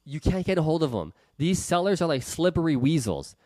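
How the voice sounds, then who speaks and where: A man's voice: fairly high pitch, sing-song, brisk, a little mellow, no echo. A man coaching sales calls in blunt, profane casual talk, acting out both sides of phone calls in shifting tones. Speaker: real estate investor teaching sales calls.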